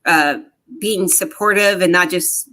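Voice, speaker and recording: A woman's voice: fairly low pitch, unhurried. A woman poet and author speaking as an interview guest, telling stories with energy and acting out the voices in them. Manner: animated storyteller who acts out quoted voices. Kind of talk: conversational interview.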